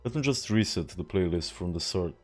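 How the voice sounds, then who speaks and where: A man's voice: low voice, lively intonation, fairly quick, soft background music. A young man from Serbia, chatting casually and profanely while streaming a game, often laughing. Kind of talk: casual livestream chat while gaming.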